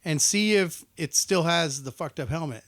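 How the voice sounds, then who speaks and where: A man's voice: on the high side, animated, normal speed, fairly bright tone. A man co-hosting a casual podcast chat, dropping wry, joking remarks. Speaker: podcast co-host.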